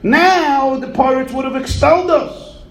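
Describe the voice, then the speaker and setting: A man's voice: extremely high pitch, unhurried, voice pushed up. Brief: man doing a shrieking, scolding crowd of frightened townsfolk in a folk tale, echoey room. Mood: outraged. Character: panicked, furious crowd of townsfolk.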